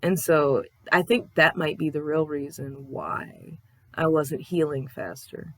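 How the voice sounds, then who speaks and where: Speaking slowly with a low voice, fairly bright tone, and fairly even intonation, a young woman vlogger shares a frank, wandering life update. She curses openly and performs other people's words in quoted voices. There's no room sound.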